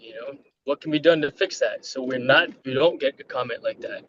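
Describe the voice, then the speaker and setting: A man's voice: a little high, fairly quick, few pauses, fairly bright tone, highs cut off, slight background noise. A chatty man with a New York accent, laughing often while talking casually on a live stream.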